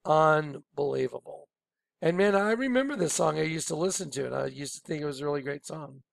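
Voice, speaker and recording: Male presenter, rambling emphatic commentary, gravelly, dry close sound. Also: on the high side, fairly quick, no room sound. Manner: emphatic, rambling, repeats himself. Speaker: online video presenter. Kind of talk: casual commentary over on-screen images.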